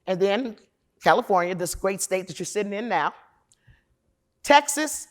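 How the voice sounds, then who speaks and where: A woman from Chicago, a defense lawyer, giving a candid, profane conference talk in a loud, emphatic, opinionated way, speaking straight to the audience. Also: mid-range voice, animated, measured pace. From Chicago, USA.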